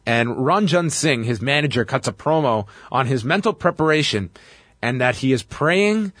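A man co-hosting a casual chat show, recapping wrestling matches play by play in an animated way. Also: mid-range voice, moderate pace, no room sound. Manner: lively, animated storytelling. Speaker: podcast co-host recapping wrestling.

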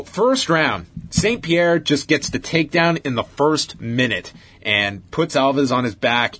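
A man's voice: mid-range voice, a bit bright, breathy edge. A man hosting a casual talk show, recapping an old fight in detail with frequent fillers.

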